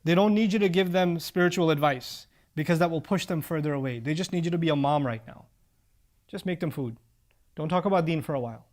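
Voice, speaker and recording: A man with a notably high voice preaches about parenting, earnest and direct. He drives his points home by repeating key lines and recites Arabic verses at speed. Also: darkish tone. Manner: recites Arabic scripture quickly. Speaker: Islamic preacher. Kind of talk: religious talk on parenting.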